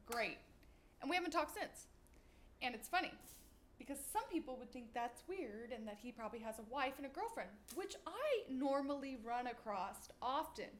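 A woman's voice: high-pitched, sing-song, moderate pace, slight background noise. A young woman hosting her own podcast, chatting casually while walking around her kitchen, swearing freely and acting out what she and others said. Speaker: podcast host. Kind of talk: casual solo podcast chat.

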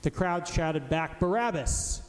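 A man giving a formal, measured reading of scripture aloud. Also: on the high side, a little mellow. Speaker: scripture reader. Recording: echoey hall with faint noise.

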